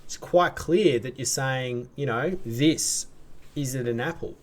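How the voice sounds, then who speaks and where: Aussie guy teaching a lesson, laid back and chatty, lots of ums and restarts, mid pitch. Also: a little slow. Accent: Australian. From Australia. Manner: relaxed, chatty, frequent restarts and fillers. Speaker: language teacher. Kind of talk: casual explanatory lesson.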